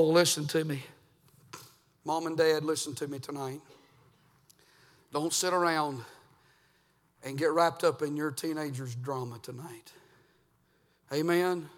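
Man preaching fire and brimstone in a church, high bright voice, surges from near-whisper to full shout, long hall echo. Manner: swings from hushed to shouted preaching. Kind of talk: fiery revival sermon. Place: church sanctuary.

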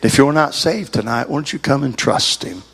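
A man preaching a sermon in church, telling a folksy story and building to shouted fervor. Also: medium pitch, moderate pace, vocal fry. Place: church service.

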